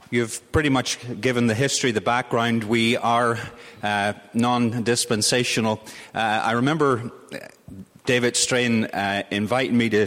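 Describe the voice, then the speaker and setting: A man's voice: medium pitch, fairly bright tone. A man with a Northern Irish accent, a mission director giving a blunt, humorous conference talk. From Northern Ireland. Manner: humorous and blunt, with self-deprecating asides. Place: church sanctuary. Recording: long reverb of a church hall.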